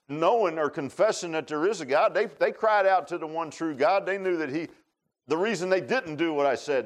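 A man preaching a sermon in a folksy, conversational way. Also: fairly high pitch. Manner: folksy, conversational preaching with rural Southern grammar.

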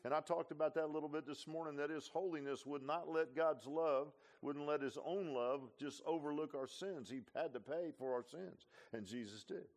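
Preacher, male, folksy sermon with big swings between hollering and near-whispering; slightly high voice. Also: normal speed, few pauses. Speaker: pastor. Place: church.

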